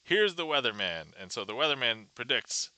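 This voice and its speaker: A man's voice: medium pitch, big pitch swings, normal speed, pushed and bright, no echo. A man hosting a casual magic livestream, chatting with viewers and reading their messages aloud. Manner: chatty, greets viewers and reads chat aloud.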